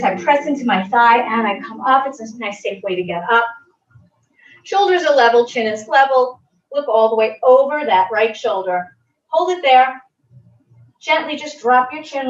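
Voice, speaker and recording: A woman fitness instructor calmly guiding a stretching class with gentle, reassuring cues. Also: a little high. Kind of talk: guided exercise instruction. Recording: roomy, distant, dull audio.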